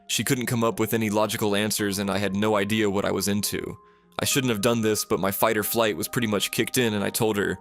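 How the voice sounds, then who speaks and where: A man reading first-person stories aloud as scripted narration, in a steady, flat reading manner. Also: lowish voice, quick pace. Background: music.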